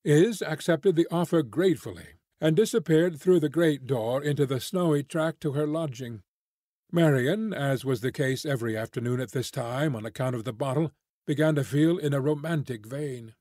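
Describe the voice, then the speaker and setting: A man reading a classic novel aloud as an audiobook narrator, measured and clear. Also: a little high, mellow, dry recording, clean studio sound.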